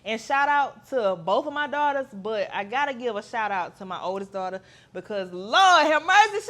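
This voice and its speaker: A woman, hosting a podcast in a candid, chatty monologue with playful asides. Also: mid-range voice. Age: 30s. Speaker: podcast host.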